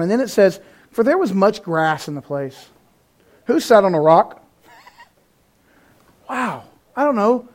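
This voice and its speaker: High-voiced, animated man preaching. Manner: animated, conversational preaching with sudden loud peaks and quiet asides. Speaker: pastor. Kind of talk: sermon.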